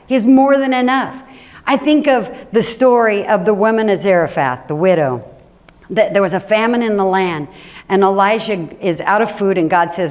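A woman preaching a sermon in a church, mid-range in pitch. Her delivery is animated and emphatic, rising to stress a point and then dropping suddenly quiet and low. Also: moderate pace. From Washington State. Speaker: pastor.

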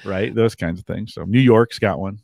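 An American man hosting a podcast in easy banter, chatty and quick to laugh. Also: fairly low pitch, vocal fry, darkish tone, dry recording, clean studio sound. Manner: chatty, laughs easily, tries out accents in passing. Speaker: podcast host. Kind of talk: casual podcast chat.

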